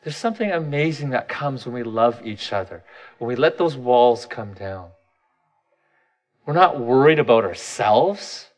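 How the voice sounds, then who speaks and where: A man's voice: medium pitch, animated, unhurried. A man in his thirties giving a candid, self-deprecating personal talk, often restarting his sentences.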